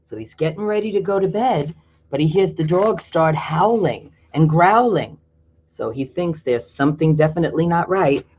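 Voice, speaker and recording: A reader reading a picture book aloud, often pausing to chat about the pictures. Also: medium pitch, a little mellow, husky, highs cut off. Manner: pauses to explain pictures in a chatty aside. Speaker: storybook reader.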